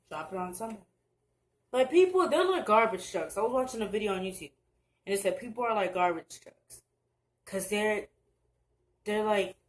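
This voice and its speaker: A young woman talking earnestly to her camera in a casual advice vlog, halting and restarting her sentences. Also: medium pitch, poor audio. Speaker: vlogger. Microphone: camera mic, looking down at screen.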